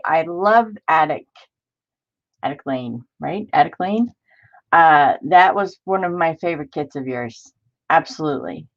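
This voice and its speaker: Chatty woman crafter, low voice, lo-fi sound. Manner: chatty and excitable, greets viewers by name. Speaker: crafting channel host. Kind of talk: casual live-stream crafting chat.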